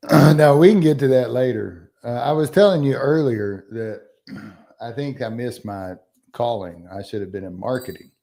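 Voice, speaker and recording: A man's voice: medium pitch, moderate pace, creaky, mellow. A man, co-hosting a podcast and telling long rambling stories in casual chat. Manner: rambling storyteller. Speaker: podcast co-host.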